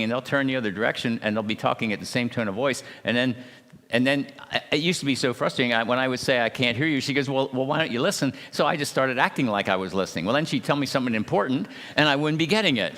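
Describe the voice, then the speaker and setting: A man, an ordained minister, giving a folksy, anecdotal talk at a church marriage seminar and gently teasing his audience. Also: mid-range voice. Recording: reverberant hall sound.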